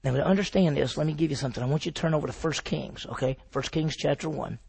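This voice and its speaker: A man teaching a Bible class, his voice a little higher than most and gravelly with a husky edge. He retells the story with animation and tosses questions to the room. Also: fast, a little mellow.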